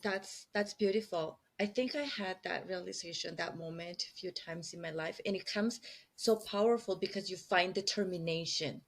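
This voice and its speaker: A woman's voice: on the low side, normal speed. Encouraging woman interviewer. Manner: encouraging, affirming. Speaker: host. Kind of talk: supportive interview.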